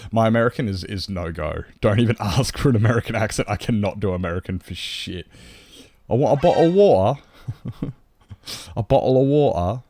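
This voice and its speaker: A man's voice: fairly low pitch, darkish tone, no room sound. A man streaming a game, chatting casually and rambling, swearing freely, into a desk microphone. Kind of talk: casual live-stream chat.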